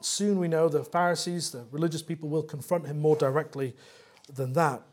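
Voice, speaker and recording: A man's voice: a little high, steady tone, a little fast, a little mellow. A man preaching a sermon as pastor, explaining scripture verse by verse with earnest emphasis.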